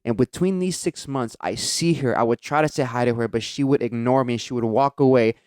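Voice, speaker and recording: Smooth-voiced young man telling a story. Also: medium pitch, brisk, dry recording, studio quality. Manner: animated, earnest storytelling. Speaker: podcast co-host. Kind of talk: casual chat.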